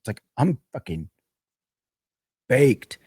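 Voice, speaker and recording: A man's voice: medium pitch, very animated, takes it slowly, dark tone, husky, no room sound, studio quality. Profane rambling man telling a story. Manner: rambling, profane, laughs through his own story. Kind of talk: casual storytelling.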